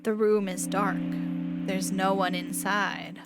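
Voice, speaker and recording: A woman streamer narrating an interactive mystery book aloud, playful and animated between passages. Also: medium pitch, slow, loud music behind the voice. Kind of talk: dramatic read-aloud narration.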